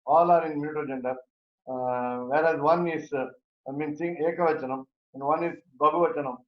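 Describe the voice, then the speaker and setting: A man teaching a Sanskrit grammar class, talking haltingly with many fillers and restarts. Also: fairly high pitch, fairly even intonation, reverberant, highs cut off.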